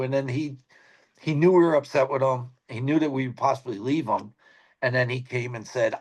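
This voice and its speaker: A middle-aged man, a veteran cameraman, telling rambling, animated stories over a phone video call. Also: mid-range voice, normal speed. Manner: rambling, animated, acts out quoted people. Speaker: guest, veteran sports cameraman. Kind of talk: casual anecdotal storytelling.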